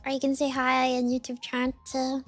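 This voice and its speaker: A young woman streaming, chatting casually and excitedly greeting her chat one by one. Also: sits high, normal speed, faint music behind. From United States.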